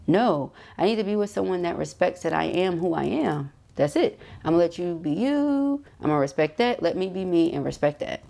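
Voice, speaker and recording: A woman reads tarot in a loose, chatty way. She speaks in a somewhat low voice and talks straight to her viewers with emphatic asides. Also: animated, fairly quick, creaky, dark tone. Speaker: tarot reader. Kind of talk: casual tarot reading monologue.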